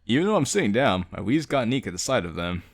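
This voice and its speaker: Young male gaming host, animated, jokey readthrough with frequent laughter. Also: on the low side, rapid-fire, no room sound, studio quality. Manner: animated, laughs often, reads and jokes. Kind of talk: casual let's-play narration of a visual novel.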